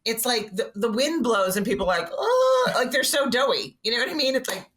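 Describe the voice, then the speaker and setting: A woman's voice: on the high side, quick pace. A woman from Canada telling self-mocking comic anecdotes on a podcast, acting out the people in her stories. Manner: animated, self-mocking, acts out voices in anecdotes. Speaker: guest co-host. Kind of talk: comedic storytelling chat.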